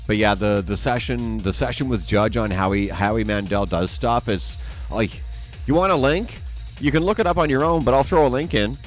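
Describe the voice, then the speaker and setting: A man hosting a livestream in casual, rambling chat, swearing freely and getting excitable. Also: mid-range voice, normal speed, faint music behind. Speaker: streamer host.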